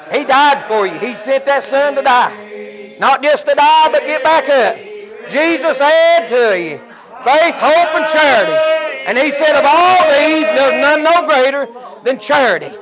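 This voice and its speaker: A man's voice: extremely high pitch, low-quality recording. An older man preaching an impassioned country church sermon, full of stumbling fillers. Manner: impassioned and tearful, with many uh fillers.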